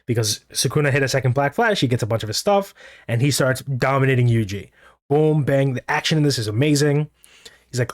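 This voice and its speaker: Brief: male manga commentator, mid-pitched, rambles excitedly through chapter recaps, dry close mic. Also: fairly quick, no room sound. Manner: rambling, excitable, reads out dialogue in his own voice.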